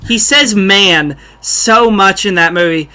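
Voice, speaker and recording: A man's voice: sits high, slow pace, pushed and bright, clear, resonant tone. A young man hosting a casual podcast chat, loose and joking, who keeps slipping into celebrity impressions. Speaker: podcast host.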